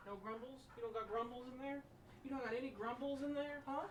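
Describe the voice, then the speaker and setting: A woman's voice: high-pitched, fast, far from the mic. A woman streamer talking to her pet dog in teasing baby talk at home. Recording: echoey room, voice off-mic, clear background noise.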